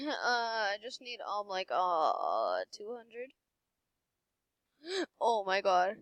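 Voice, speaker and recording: A young woman giving excited gameplay commentary at her computer, giddy and squealing, repeating herself over and over. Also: medium pitch, slow, no room sound, poor audio. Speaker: gaming youtuber. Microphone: desktop mic, no webcam.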